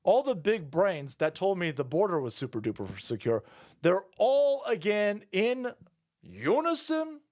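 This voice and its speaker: Fast, profane, high-pitched ranting man. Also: big pitch swings, a little mellow. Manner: profane, rapid-fire, combative, laughing asides; talks fast. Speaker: political commentary streamer.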